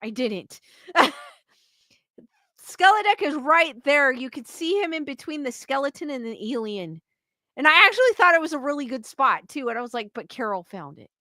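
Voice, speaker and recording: Bright high-voiced chatty woman streamer. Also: very animated, normal speed, dry recording, studio quality. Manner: chatty, giggly, quotes chat names aloud. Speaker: livestream host. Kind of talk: casual livestream chat reading comments.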